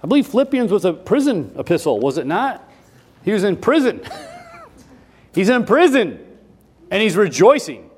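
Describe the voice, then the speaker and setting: A man preaching a sermon in a folksy, repetitive way, switching between loud emphasis and quiet asides. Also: sits high, big pitch swings, moderate pace, long pauses, breathy edge. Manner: folksy, repeats himself with restarts.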